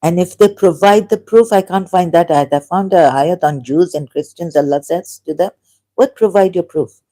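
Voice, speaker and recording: A woman, hosting a livestream and talking off the cuff in a rambling, animated way, often breaking into laughter. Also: on the low side, normal speed. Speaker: livestream host. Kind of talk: unscripted livestream monologue.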